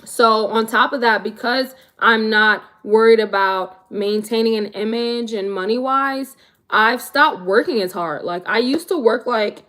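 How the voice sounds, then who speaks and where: Her voice is fairly high and a bit bright, and she speaks a little slowly. She's a twenty-something vlogger chatting on a livestream, answering her live chat in a laid-back way peppered with slang.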